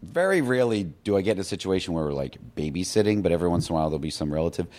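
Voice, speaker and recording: A man's voice: sits low, animated, rapid-fire, a little mellow. A middle-aged man in casual podcast chat, speaking bluntly and profanely and joking often. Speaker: guest musician and filmmaker.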